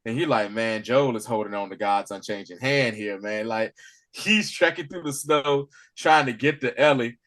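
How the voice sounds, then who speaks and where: A man co-hosting a podcast, casually recapping a TV episode in animated storytelling, acting out the characters' lines. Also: mid-range voice, moderate pace. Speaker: podcast co-host. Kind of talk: casual spoiler review chat.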